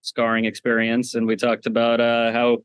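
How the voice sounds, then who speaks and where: A man's voice: mid-range voice, monotone, moderate pace, smooth, dry recording, clean studio sound. A man co-hosting a fan podcast, talking chattily with many fillers. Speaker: podcast co-host. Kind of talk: casual podcast chat.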